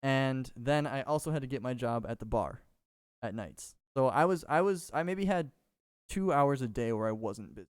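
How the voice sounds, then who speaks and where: A man's voice: mid-range voice, expressive, normal speed, clean tone, no room sound, clean studio sound. A young man from Minnesota co-hosting a podcast, telling stories in a rambling, casual way and swearing freely. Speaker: podcast co-host. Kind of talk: casual chat.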